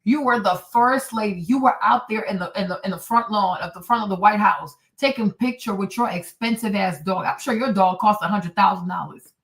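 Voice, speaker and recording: A woman's voice: mid-range voice, a little fast, fairly bright tone. A woman hosting a commentary show, reacting to clips with indignant, mocking sarcasm. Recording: echoey room, distant mic.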